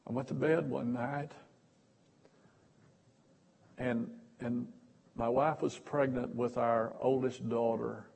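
Husky preacher telling folksy stories. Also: male voice, mid-range voice, steady tone, slow, long pauses, low-quality recording. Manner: folksy, self-mocking, repeats and restarts words; bursts into sudden loud stretches. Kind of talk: storytelling sermon.

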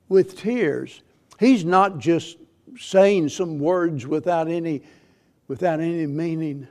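A man's voice: a little high, creaky, mellow. A man preaching a church sermon with earnest, repetitive phrasing and frequent restarts. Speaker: pastor.

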